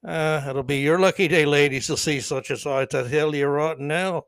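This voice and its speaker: A man hamming up a bawdy, boastful Scotsman in a kilt with a thick put-on Scottish brogue. The voice rides higher than usual, and the recording is dry and close. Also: fairly even intonation, moderate pace, a bit bright, no echo. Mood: hammy. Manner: hammy, bawdy, teasing.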